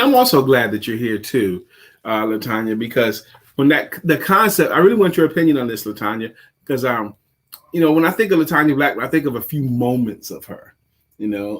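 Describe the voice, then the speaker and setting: A measured man coaching on a livestream. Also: mid-range voice, animated. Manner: measured, explanatory, teacher-like. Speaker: co-host and coach. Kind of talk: casual livestream chat.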